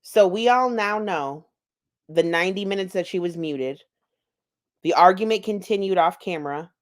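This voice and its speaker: A woman's voice: fairly low pitch, normal speed. A woman giving casual, profane, gossipy commentary over video clips. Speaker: commentary YouTuber.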